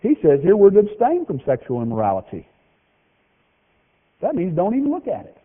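A man preaching a folksy, joking sermon, with lively swings in pitch. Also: fairly quick. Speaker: pastor. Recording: tinny phone-like radio broadcast of a hall.

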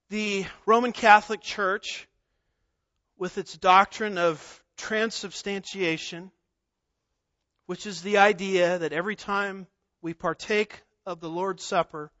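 A man preaching an expository sermon, deliberate and emphatic, repeating key words. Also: high voice, fairly bright tone, no echo, dull audio. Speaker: pastor.

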